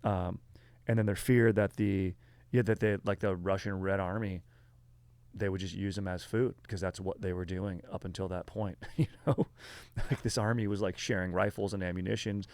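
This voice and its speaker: A man's voice: low voice, steady tone, normal speed, a little mellow, no room sound. A man hosting a podcast, telling a history story in a rambling, slangy, casual way full of fillers. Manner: rambling, filler-heavy, slangy, says dude and bro.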